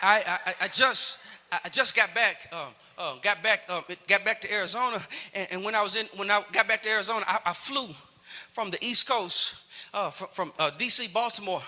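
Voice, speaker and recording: A male pastor, preaching a sermon in a rhythmic cadence full of "uh" fillers that climbs into shouts. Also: sits high, brisk. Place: large church sanctuary. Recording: long hall reverb in a church.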